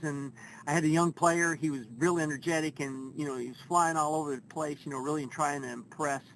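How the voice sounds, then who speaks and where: Middle-aged coach guy telling a story, kinda high voice, folksy, faint hum behind. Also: low-quality recording. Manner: folksy, animated storyteller who acts out quotes. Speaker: first base coach. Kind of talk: storytelling interview. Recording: faint background ambience.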